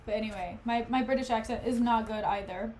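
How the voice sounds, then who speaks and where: A woman's voice: on the high side, fairly quick, darkish tone, a little hiss or hum. Chatty jokey woman streamer. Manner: chatty, jokey, wandering off topic. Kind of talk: casual chat while reading a play aloud.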